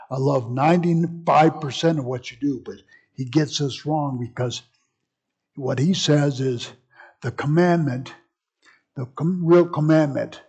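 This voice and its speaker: A man's voice: mid-range voice, gravelly, a little mellow, breathy edge. A man teaching a Bible class in a conversational way, with frequent asides and restarts. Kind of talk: casual teaching talk.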